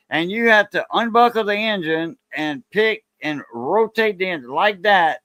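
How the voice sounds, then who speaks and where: Man, higher-pitched, folksy rambling shop talk, dry close sound. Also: expressive, normal speed, hardly any pauses, sharp tone, dry recording. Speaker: channel host. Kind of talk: casual chat about car repair.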